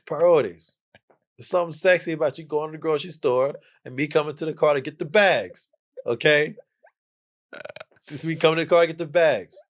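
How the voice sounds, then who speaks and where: A man's voice: on the high side, fairly quick. A man, lecturing in a playful way as a podcast guest and asking "okay?" between points. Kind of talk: casual chat.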